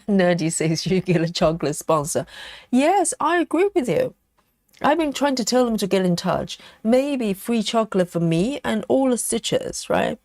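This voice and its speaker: A woman's voice: mid-range voice, big pitch swings, unhurried, a little mellow, dry recording, studio quality. A woman hosting a live cross-stitch stream, reading viewer comments aloud and chatting back while she stitches and eats chocolate. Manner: chatty, reads comments aloud and answers them.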